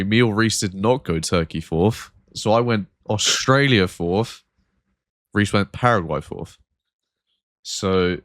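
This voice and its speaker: A man's voice: on the low side, a bit bright, no echo, clean studio sound. A man hosting a football podcast, talking casually and rambling with frequent fillers. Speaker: podcast host. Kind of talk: casual chat.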